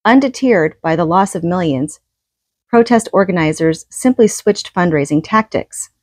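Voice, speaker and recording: A woman reading a nonfiction book aloud, steady and measured, with an occasional casual aside. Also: on the low side, no room sound. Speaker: audiobook reader.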